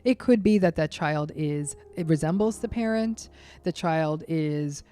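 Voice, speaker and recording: A woman guest expert explaining narcissism in an interview, speaking emphatically and acting out quick quoted asides. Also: low-pitched, dark tone, clear, resonant tone. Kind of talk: interview conversation.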